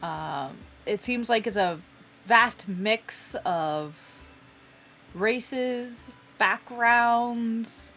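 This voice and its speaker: A woman runs a tabletop game in casual narration, cursing freely. Her voice is on the high side and she takes her time. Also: extremely slow, a bit bright. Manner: casual, swearing, descriptive. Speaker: game master.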